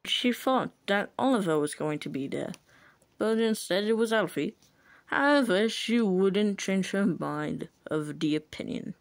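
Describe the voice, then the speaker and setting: A woman narrating a children's engine story in an unhurried, plain storytelling voice. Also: medium pitch, lively intonation. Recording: loud background music.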